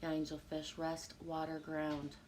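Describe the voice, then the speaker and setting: A woman on a live stream at home, reading viewer comments aloud and answering them in a relaxed, rambling way with frequent fillers and soft laughs. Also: sits low, a little slow, a little hiss or hum. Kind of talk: casual live-stream chat.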